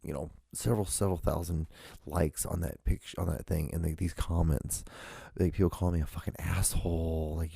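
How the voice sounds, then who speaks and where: A man's voice: deep voice, steady tone, moderate pace, creaky, warm tone, slightly rough, dry recording, clean studio sound. A young man hosting a solo podcast, rambling casually and swearing a lot between fillers. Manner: rambling and profane, full of fillers. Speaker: podcast host.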